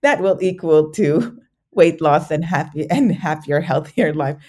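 A woman guest in an interview, reflecting candidly on a personal journey, halting often with restarts and fillers. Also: deep voice, animated, darkish tone.

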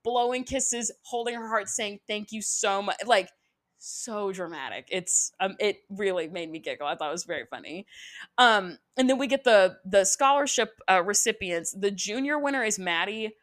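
A woman's voice: medium pitch, expressive, normal speed, fairly bright tone. A young woman hosting a podcast, recapping an episode in casual, chatty talk with sarcastic asides and lots of "like". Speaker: podcast host.

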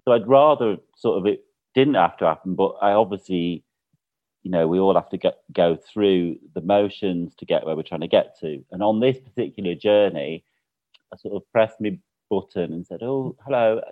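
A British man telling a lively anecdote in casual chat, laughing as he goes. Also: sits low. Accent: British English. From Britain. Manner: chatty storyteller, laughs often. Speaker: guest. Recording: phone-like narrow sound.

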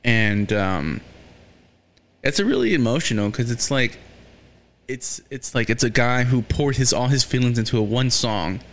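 A man's voice: mid-range voice, lively intonation, moderate pace, fairly bright tone. A man casually recapping episodes of a TV series, rambling with lots of fillers and restarts and swearing freely. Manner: swears freely and gets heated. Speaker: show recapper.

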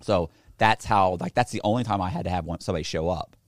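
A man's voice: deep voice, fast talker, dry recording, studio quality. A man telling a story in an interview, swearing freely and acting out the people in it. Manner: profane, animated, acts out the people in his story. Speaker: interview guest. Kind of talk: casual storytelling.

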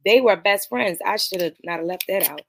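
A woman's voice: medium pitch, fairly quick, fairly bright tone. A woman hosting a podcast, casually recapping a movie plot in a rambling, profane way and talking straight to her viewers. She mentions being nervous about streaming live. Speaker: podcast host reviewing a movie.

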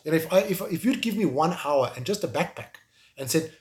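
A man with a South African accent, speaking as an interview guest in an emotional, halting way, with frequent restarts. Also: a little high, expressive. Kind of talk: remote interview conversation.

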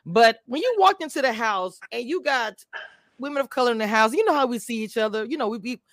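A woman's voice: fairly high pitch, lively intonation, fast, no echo, clean studio sound. A woman hosting a live online interview, gushing and playful with lots of slang. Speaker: host of a reality TV review channel. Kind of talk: excited live-stream interview.

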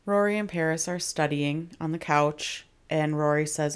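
A young woman co-hosting a podcast, casually retelling TV scenes in quick quoted asides and laughing often. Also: sits low, music in the background. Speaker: podcast co-host. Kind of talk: casual chat recapping a TV episode.

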